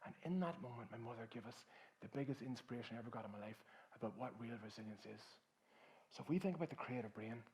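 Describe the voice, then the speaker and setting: A man from South Armagh with a Northern Irish accent, telling a personal story to a live audience. He drops quiet at moments, then builds to loud, rousing appeals. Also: mid-range voice, expressive, fast talker, low-quality recording. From South Armagh, Northern Ireland. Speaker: keynote speaker. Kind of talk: motivational storytelling talk.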